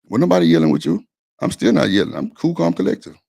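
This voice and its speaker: Guy with a gravelly voice going off on a stream, blunt and repetitive, cussing a lot. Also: low-pitched, sing-song, fast talker, mellow. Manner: blunt, insistent, repeats himself, swears freely. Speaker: stream panel host. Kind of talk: heated argument on a live stream.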